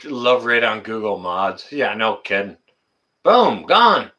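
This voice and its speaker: A man's voice: lowish voice, sing-song, takes it slowly, bright, forceful tone, dull audio. A man hosting a casual livestream, talking to viewers in the chat by name and ranting indignantly, often repeating his phrases. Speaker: livestream host.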